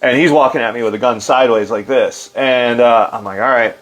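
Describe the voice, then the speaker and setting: A man's voice: medium pitch, a little fast. Middle-aged guy, casual storytelling, lots of likes and ums, perks up doing quotes. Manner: animated, acts out quotes in livelier voice; loose, filler-heavy delivery. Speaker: interview guest.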